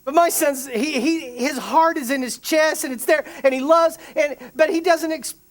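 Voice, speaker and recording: A middle-aged man preaching a sermon, an emotional storyteller who restarts sentences and adds quick asides. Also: extremely high pitch. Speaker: pastor.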